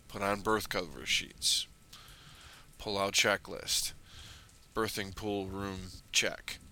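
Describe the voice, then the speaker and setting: A young man tells his own story in a dry, wry manner, often clipping his lines into short checklist phrases. His voice sits a little low yet sounds very bright and forceful. A faint noise runs under the recording. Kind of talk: first-person storytelling.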